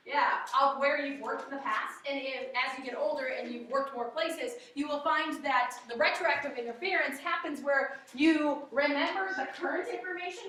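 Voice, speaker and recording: A woman teacher lectures in a very echoey classroom, keeping it conversational and checking in with her students with frequent "okay?" prompts. Her voice sits high with a sharp tone, picked up by a distant mic.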